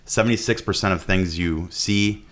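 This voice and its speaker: Male podcast guest, very low voice, loose rambling explanations. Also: moderate pace, fairly bright tone. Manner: rambling explainer, many fillers and restarts. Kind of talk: casual podcast chat.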